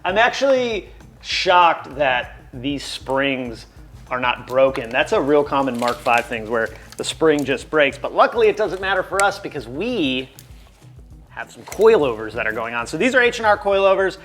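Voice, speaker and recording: Animated high-voiced mechanic guy. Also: normal speed. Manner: animated, joking, explaining as he works. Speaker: host, mechanic. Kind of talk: casual garage chat.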